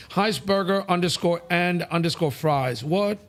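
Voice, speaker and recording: A male talk show host from India reads viewer comments live, blunt and brash, quick to joke and swear. His voice sits a little high for a man. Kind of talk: casual live show chat. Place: studio.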